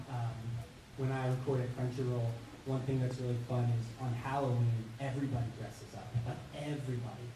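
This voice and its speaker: Man telling stories on a convention panel. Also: medium pitch. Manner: chatty storyteller, laughs at own stories. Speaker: voice actor panelist. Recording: echoey hall, distant mic, noisy.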